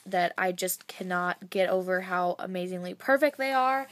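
A woman's voice: fairly low pitch, moderate pace, hardly any pauses, dry recording. Gushing young woman, close and dry. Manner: gushing, excited, rambling. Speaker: vlogger. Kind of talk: casual unboxing chat.

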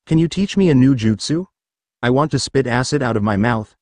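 Man reading as a brash, whiny teen boy ninja, lively pitch, dry recording. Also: a little fast, no echo, close to an everyday voice. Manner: loud, whiny, impatient. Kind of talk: fan fiction read aloud.

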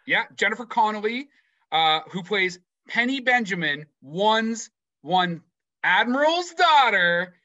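A man co-hosting a casual movie podcast, who swears often and talks in an animated, playful way. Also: sits high, slow pace, no echo, highs cut off. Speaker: podcast co-host. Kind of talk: casual chat.

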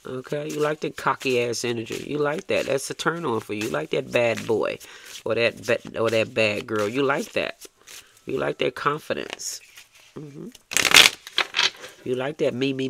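Gravelly man giving a blunt tarot reading. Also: medium pitch, slight background noise. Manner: blunt, coaxing, swears freely, ends lines with "okay?". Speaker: tarot reader.

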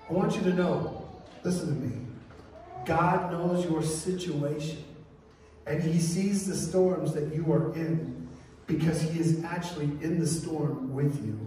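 A man preaching a sermon in a church, telling stories in an animated way with acted quotes. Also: on the high side, measured pace, a little hiss or hum. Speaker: pastor. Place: church sanctuary. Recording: echoey hall, distant mic.

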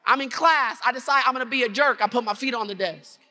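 Very high-voiced, bright male keynote speaker. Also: fast. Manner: animated, acts out scenes, asks the audience questions. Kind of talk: motivational keynote storytelling. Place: conference hall before an audience.

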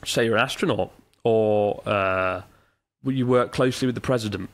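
A man's voice: on the low side, normal speed. Male podcast host, jokey, chuckly, conversational. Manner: jokey, chuckles often, reads listener emails aloud. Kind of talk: casual podcast chat.

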